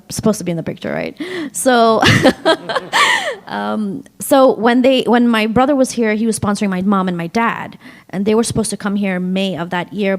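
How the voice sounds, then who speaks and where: A woman in her thirties from Afghanistan with a New York accent, speaking as a panelist in a chatty way, with frequent ums and laughs. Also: medium pitch. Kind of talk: panel discussion. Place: synagogue hall.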